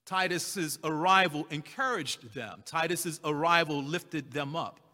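A man preaching a sermon, repeating key phrases with slow emphasis and drawing out scripture readings. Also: on the high side, bright, forceful tone. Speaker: pastor. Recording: long hall reverb.

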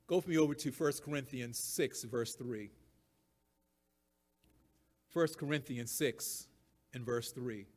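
A man's voice: mid-range voice, takes it slowly, long pauses, darkish tone. A man preaching a sermon, emphatic and given to repeating his key phrases, with the odd chuckle at his own points.

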